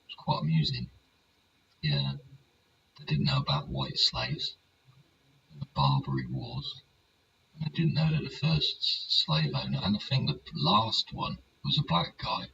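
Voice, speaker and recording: This older English man hosts his own show, rambling casually through a monologue, swearing freely and checking that listeners agree. His voice is a low, gravelly rumble, animated yet unhurried, with frequent pauses. The mic is distant, leaving the sound dull with a faint hiss.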